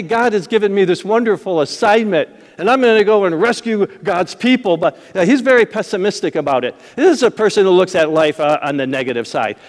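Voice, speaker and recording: A man preaching a sermon as a pastor, telling stories in a conversational way and acting out the voices of the people in them. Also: sits high. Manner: conversational storytelling with acted-out voices and laughs. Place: church sanctuary. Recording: long hall reverb.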